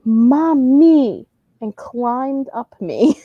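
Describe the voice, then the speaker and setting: A young woman co-hosting a podcast, chatting casually and acting out her kids in animated stories. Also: medium pitch, unhurried, no room sound, lo-fi sound. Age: young adult. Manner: animated storytelling, acts out kids' voices. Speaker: podcast co-host. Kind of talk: casual chat.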